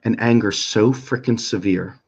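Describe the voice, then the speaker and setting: A middle-aged man giving an impassioned, profane rant full of pleading questions, swinging between a raised voice and a low one. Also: measured pace, a little mellow. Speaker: political activist commentator. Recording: muffled lo-fi recording.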